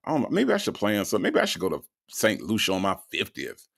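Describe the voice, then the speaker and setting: Gravelly-voiced man, livestream host, animated and slangy, lively swings in pitch. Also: fast. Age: 40s. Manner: animated, loud bursts, laughing, slangy. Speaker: livestream host reading chat. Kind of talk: casual livestream commentary.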